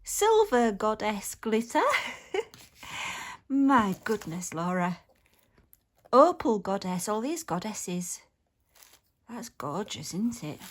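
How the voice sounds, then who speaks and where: A woman's voice sits a touch high as she chats through an unboxing, gushing and giving little laughs as she goes. She talks slowly and unhurriedly, recorded at home on a phone. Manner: chatty and gushing, frequent small laughs. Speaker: craft vlogger. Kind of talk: casual unboxing chat to camera.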